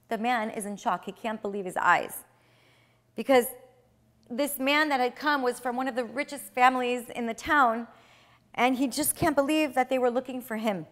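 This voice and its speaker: A woman retelling a traditional tale aloud, with swings in loudness and slowed, dramatic phrases. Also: a little high. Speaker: storyteller.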